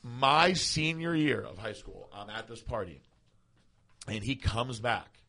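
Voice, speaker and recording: A man's voice: mid-range voice, takes it slowly, creaky, pushed and bright. A man in his forties telling stories in a casual podcast chat, laughing often. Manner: laid-back storyteller who laughs often.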